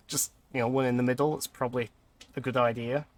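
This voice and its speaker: A man's voice: mid-range voice, level tone, brisk. A young man casually chatting and laughing often while commenting on a game he is playing on stream.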